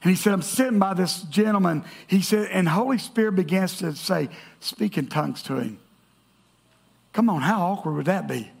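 A man's voice: high voice, expressive, fairly quick, gravelly, hardly any pauses, slightly rough. A man preaching a sermon, telling stories and reading scripture aloud to a congregation. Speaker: pastor.

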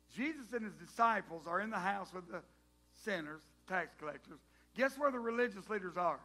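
A male preacher retells a story from scripture in his sermon, lively and joking with the congregation. His voice sits high and comes across forceful and bright. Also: a little fast. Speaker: pastor.

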